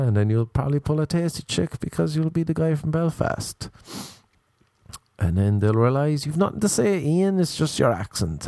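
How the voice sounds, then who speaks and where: Irish man, 30s, podcast host, casual comic advice, rambling and jokey, mellow tone, dry close sound. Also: on the high side, no room sound. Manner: rambling, jokey, riffs in silly voices. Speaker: podcast host and stand-up comedian.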